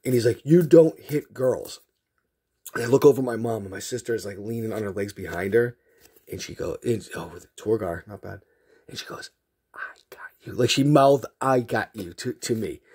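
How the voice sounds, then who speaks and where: A middle-aged man from Massachusetts hosts a card-opening video, and between packs he tells a long childhood story packed with fillers. His voice is on the low side, brisk and slightly rough. He's a rambling, animated storyteller.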